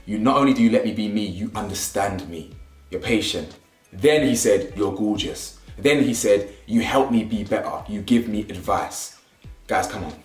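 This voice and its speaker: Animated young man, lively pitch. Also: normal speed. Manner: animated, slangy, laughs often. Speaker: reality show reviewer. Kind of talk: casual commentary. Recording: roomy echo, faint music.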